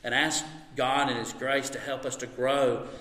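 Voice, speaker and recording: A male pastor delivers a sermon with a bright, forceful voice. He tells stories with animation and slows to a soft hush on reflective points. The sound rings with a long hall reverb. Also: medium pitch. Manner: storytelling, animated when recounting, soft and slow on reflective points. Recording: echoey hall.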